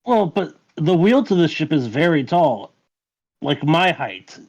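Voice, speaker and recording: A man's voice: on the high side, very animated, a little slow, creaky, darkish tone, muffled recording. A man playing a tabletop game, negotiating in character in a hesitant, polite way. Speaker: player.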